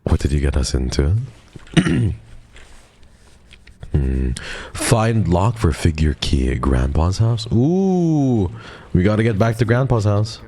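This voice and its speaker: Very deep-voiced man streaming a game. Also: big pitch swings, measured pace, long pauses, dark tone, husky. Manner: playful, jumpy, chatty with viewers, drops to a whisper when scared. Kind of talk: casual live-stream chat while gaming.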